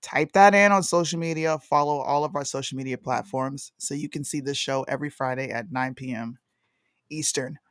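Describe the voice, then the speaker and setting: A woman's voice: rumbling low, normal speed, dry recording, clean studio sound. A woman co-hosting a casual livestream chat show, joking and laughing often and making plain announcements to viewers. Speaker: co-host.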